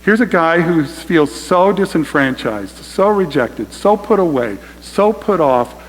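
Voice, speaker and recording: A man's voice: fairly high pitch, animated, a little slow, big-room sound, rough recording. A man preaching a sermon to his congregation, emphatic and direct, often calling them "you guys". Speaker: pastor. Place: church sanctuary.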